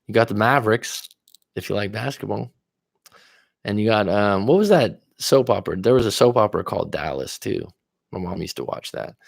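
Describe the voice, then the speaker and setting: A man's voice: lowish voice, brisk, vocal fry, dry recording, clean studio sound. Profane, chatty male livestream coach. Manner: loose, profane, chatty, reacting to comments. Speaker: life coach hosting a livestream. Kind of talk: casual livestream chat reading viewer comments.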